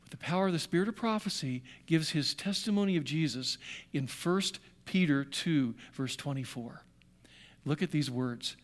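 A man preaching a sermon, swinging from hushed tones to loud emphasis and repeating phrases to drive them home. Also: a little high, expressive, moderate pace.

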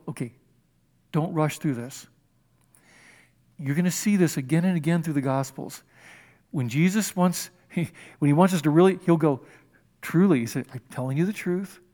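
A man delivers a Bible sermon in a loose, conversational way, full of humorous asides. His voice sits a little high for a man. He keeps the talk animated and chatty. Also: long reverb tail. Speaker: preacher.

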